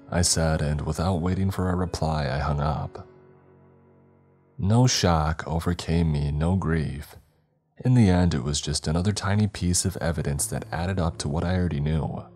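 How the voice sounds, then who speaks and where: Very deep-voiced male horror narrator. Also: a little mellow. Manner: measured, grim. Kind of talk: first-person scripted narration. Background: faint music.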